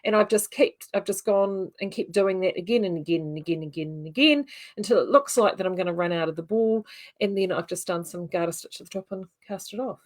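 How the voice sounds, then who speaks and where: A woman's voice: mid-range voice, fast talker, a little mellow. A woman with a New Zealand accent hosting a casual livestream, chatty and rambling with many fillers. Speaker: yarn shop host.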